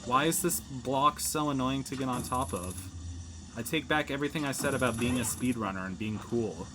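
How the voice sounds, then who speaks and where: A man's voice: medium pitch, normal speed, background noise. A man hosting a casual let's play, rambling through gameplay commentary with lots of fillers and self-mocking asides, recorded at home.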